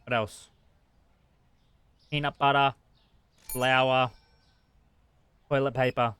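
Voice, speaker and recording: Bright-voiced man streaming a game. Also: medium pitch, little pitch movement, takes it slowly, smooth, no room sound. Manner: plays a shopkeeper greeting customers, talks to himself; frantic outbursts when busy. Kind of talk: casual gameplay chat.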